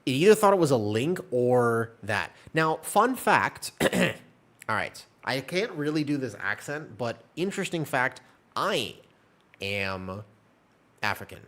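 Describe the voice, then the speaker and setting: A man's voice: mid-range voice, very animated, slow, fairly bright tone. A man streaming and chatting casually, answering his chat in a rambling, talkative way. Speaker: game streamer.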